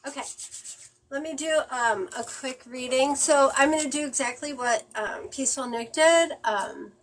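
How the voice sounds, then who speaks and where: A woman medium giving a live-stream reading. She talks in halting, emotional bursts with many fillers and sighs. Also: high voice, rough recording.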